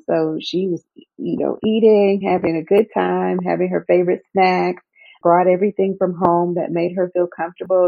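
A woman physician tells her story in a chatty, easygoing way. Her voice is on the low side and gravelly with vocal fry. It is heard through a thin, phone-like line. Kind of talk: interview recollection. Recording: phone-like narrow sound.

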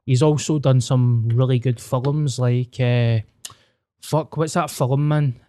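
A man's voice: medium pitch, fairly even intonation, slow pace, warm tone, dry recording, studio quality. A Scottish man hosting a podcast, chatting in a laid-back, sweary way. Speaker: podcast host and comedian. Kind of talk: casual chat.

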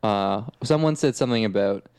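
A man's voice: fairly low pitch, a little fast, darkish tone, clean tone. A man co-hosting a comedy podcast, riffing playfully through rambling stories. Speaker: podcast co-host. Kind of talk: improvised comedy banter.

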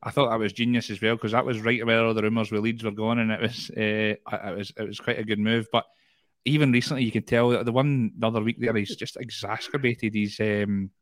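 A man's voice: lowish voice, fairly even intonation, brisk, dry recording. A Scottish man hosting a casual football chat podcast, rambling and often repeating his words. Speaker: podcast host.

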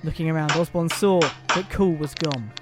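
Here the same kind of reading moves at a moderate pace: an English man with a high voice performs a funny Christmas tale for a podcast over gentle background music. Voicing each character with theatrical flair, he keeps stopping to laugh or add side comments.

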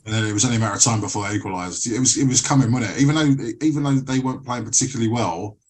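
A man's voice: medium pitch, very fast, a little mellow. A man hosting a casual football podcast, rambling and swearing freely. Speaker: podcast host. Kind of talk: casual chat.

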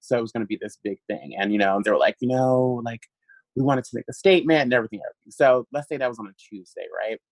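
A man being interviewed, telling a long story in an animated way, laughing often and using lots of fillers. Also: medium pitch, fast, no echo, rough recording. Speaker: guest. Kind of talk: casual interview chat.

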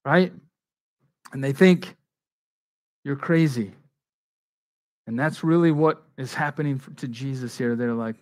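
A male pastor with a medium-pitched voice preaches a sermon conversationally, slipping into quick voices for the people in the story.

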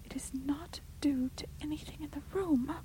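A terrified, stubborn woman, as a woman puts her on for a storybook reading, speaking in a high, breathy whisper. She sounds hushed with dread. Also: moderate pace, a little hiss or hum, lightly acted, rough recording. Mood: fearful whisper.

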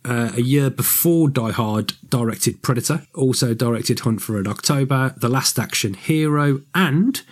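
A man's voice: medium pitch, moderate pace, hardly any pauses. A man co-hosting a podcast, chatting casually about a book and its film, rambling and correcting himself. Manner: rambling, self-correcting, animated. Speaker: podcast co-host.

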